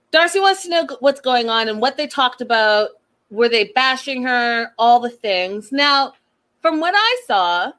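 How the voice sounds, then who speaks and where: A woman casually recapping a reality show in a sassy, chatty way, full of quick slangy asides. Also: fairly high pitch, a bit bright.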